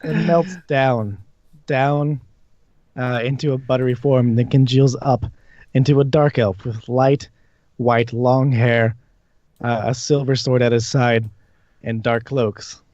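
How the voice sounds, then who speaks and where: A man's voice: medium pitch, fairly even intonation, unhurried, a little mellow, no echo, lo-fi sound. A man narrating a tabletop game as game master, casual and laughing often.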